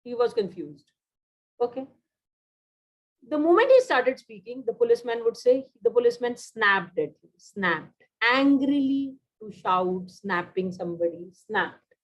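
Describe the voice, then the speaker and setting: A woman's voice: a little high, big pitch swings, unhurried, poor audio. Indian woman teaching vocabulary, Hindi-English mix. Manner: repeats words, mixes Hindi and English. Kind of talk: online class teaching.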